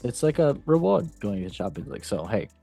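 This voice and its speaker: A man's voice: lowish voice, sing-song, fast, vocal fry, warm tone, breathy edge, soft background music. A man hosting a casual football podcast, reading news in a chatty, jokey way and tripping over words now and then. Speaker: host.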